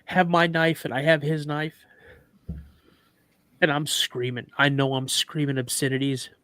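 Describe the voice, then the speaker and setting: Guy retelling a scary encounter, kinda high voice, dry close sound, gets all worked up. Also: measured pace, clear, resonant tone, no room sound. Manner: animated retelling with quoted dialogue, emotional. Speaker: guest. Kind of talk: emotional storytelling on a live show.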